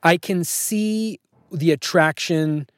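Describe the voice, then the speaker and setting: A man's voice: a little high, slow, no room sound, studio quality. A man hosting a podcast in casual chat, wry and joking, packed with trivia. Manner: wry, joking, fact-heavy. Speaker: podcast host.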